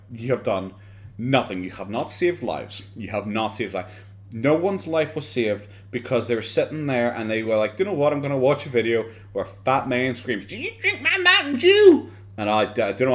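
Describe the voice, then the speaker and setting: A drunk Irish man from Dublin rambling through mocking commentary, swearing often and laughing between lines. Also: medium pitch. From Ireland.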